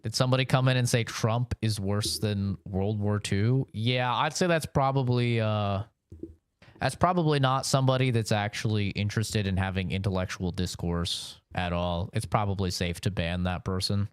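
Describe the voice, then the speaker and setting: A man's voice: fairly low pitch, moderate pace, smooth, dry recording, clean studio sound. A man live-streaming a game, chatting loosely with his chat, rambling and swearing freely. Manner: rambling, profane, answers chat with frequent "you know". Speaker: gaming streamer.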